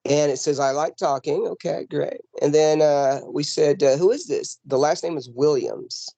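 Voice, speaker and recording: A man telling a ghost story from his home over a video call, rambling and animated with lots of fillers and restarts. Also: fairly high pitch, moderate pace, gravelly, dry recording, highs cut off. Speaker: paranormal investigator guest. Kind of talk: casual storytelling in an interview. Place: home in the mountains.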